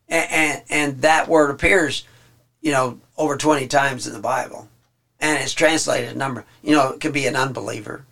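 A man teaching a Bible study, reading verses aloud slowly and then explaining them in plain, halting talk. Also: mid-range voice, gravelly, fairly bright tone.

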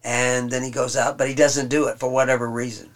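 A man giving an informal Bible study lesson. He pauses often, restarts his sentences and explains the text word by word. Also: medium pitch, level tone. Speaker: Bible teacher.

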